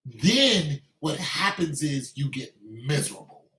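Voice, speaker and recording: Forceful ranting man, echoey room. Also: fairly high pitch, sing-song, slow, slight background noise. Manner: ranting, repetitive, emphatic. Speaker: commentator. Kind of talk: opinionated monologue.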